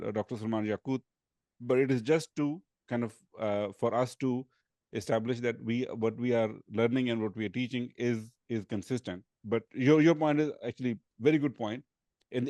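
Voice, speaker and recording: A man's voice: mid-range voice, darkish tone, no echo. A man teaching an Arabic grammar class, explaining carefully with frequent hesitations. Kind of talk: online class discussion.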